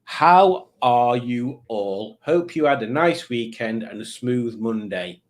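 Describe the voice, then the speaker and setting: A man's voice: medium pitch, expressive, slow, hardly any pauses. A man hosting a live stream in casual chat, reading out viewer comments in a rambling, self-mocking way.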